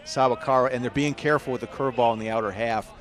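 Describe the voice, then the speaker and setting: A man's voice: mid-range voice, steady tone, very fast. Chicago-accented baseball play-by-play man. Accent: Chicago American. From Chicago, United States. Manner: chatty, self-correcting, rising to shouts on big hits. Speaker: baseball commentator. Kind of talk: live play-by-play commentary.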